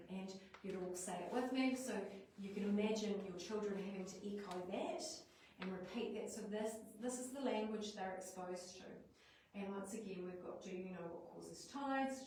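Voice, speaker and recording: A woman teacher with a New Zealand accent explaining classroom writing lessons to parents in a lively, chatty way, showing how she talks to the class. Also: medium pitch, recorded from a distance. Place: school hall or classroom at a parents' evening. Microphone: livestream device at a distance. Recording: echoey room, voice from afar, faint noise.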